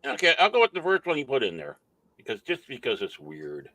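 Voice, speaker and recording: A man reads comic news aloud on a casual podcast, joking about his own slips. His voice is bright, with lively ups and downs. The sound is dry and close. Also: medium pitch, fairly quick, no echo. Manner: stumbles and jokes while reading. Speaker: podcast co-host. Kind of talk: casual chat, reading articles aloud.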